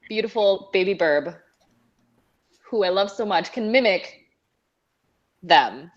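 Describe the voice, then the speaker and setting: A woman playing a tabletop game, pitching ideas in a playful, laughing manner. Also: animated, slow pace, long pauses, muffled recording. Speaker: player.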